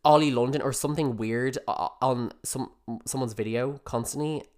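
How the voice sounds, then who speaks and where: A man's voice: medium pitch, moderate pace, darkish tone. A young man, co-hosting a casual podcast chat, chatty and swearing often. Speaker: podcast co-host.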